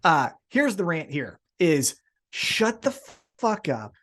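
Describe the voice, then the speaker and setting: A man's voice: sits high, huge pitch swings, normal speed, fairly bright tone. A man co-hosting a wrestling podcast, ranting with heavy swearing and mocking put-on voices. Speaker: podcast co-host. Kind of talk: profane ranting wrestling chat.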